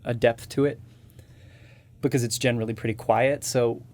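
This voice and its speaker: A man's voice: medium pitch, steady tone, moderate pace, darkish tone, slight background noise. Slightly nasal man explaining voice technique. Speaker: voice actor and impressionist guest. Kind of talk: casual interview chat.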